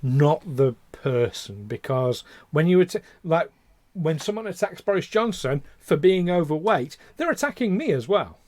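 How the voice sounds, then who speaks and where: Guy ranting on a podcast, fairly high voice, lots of ums, dry close sound. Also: very animated, normal speed, a little mellow, no room sound. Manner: impassioned, ranting, lots of fillers and restarts. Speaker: podcast co-host. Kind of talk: casual podcast chat.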